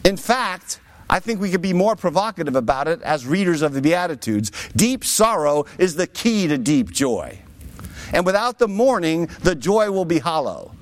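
A man's voice: a little high, very animated, moderate pace, no echo. A man preaching a sermon, with rhetorical asides to his listeners. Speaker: pastor.

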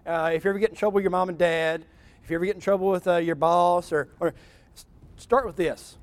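A man preaching a sermon in an animated, wry way, acting out scripture scenes. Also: sits high, fast, dry recording.

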